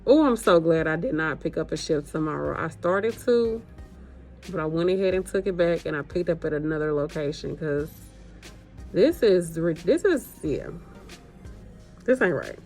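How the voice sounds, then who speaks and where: A young woman nurse vents in a loose, casual vlog style. She speaks straight to her audience, exasperated and blunt, letting swear words slip in. Faint music sits quietly under her voice. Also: low-pitched, expressive, normal speed. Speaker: agency nurse vlogger. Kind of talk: casual vlog rant to viewers.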